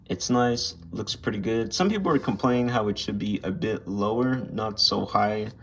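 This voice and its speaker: A man's voice: on the low side, moderate pace, a little hiss or hum. A young man casually reviewing an action figure, rambling, swearing freely and airing blunt gripes. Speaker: toy reviewer. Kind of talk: casual unscripted toy review.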